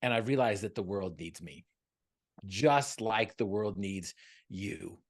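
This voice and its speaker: A man with a lowish voice gives an earnest motivational talk over a video call. He mixes jokes and stories into the talk and keeps an upbeat, encouraging tone. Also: lively intonation, slow pace. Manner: joking, storytelling, earnest and upbeat. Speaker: motivational speaker, guest.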